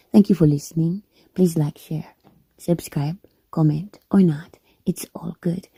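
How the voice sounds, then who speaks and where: Lady vlogging a story, lowish mellow voice, goes whispery for effect, says things twice. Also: steady tone, takes it slowly, vocal fry, husky. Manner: dramatic, drops into whispers for emphasis; repeats and restates words. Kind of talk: personal storytelling monologue.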